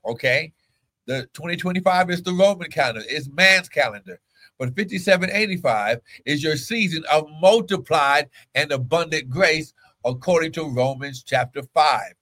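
A male pastor preaching a morning livestream sermon, breaking into loud exclamations and speaking in tongues. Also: on the high side, normal speed, poor audio.

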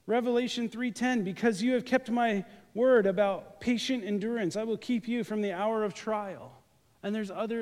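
A man preaching a lively, joking sermon, speaking straight to his congregation during a live church service. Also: high-pitched. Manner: joking, animated, talks to the congregation directly. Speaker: pastor. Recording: live church recording with long hall reverb.

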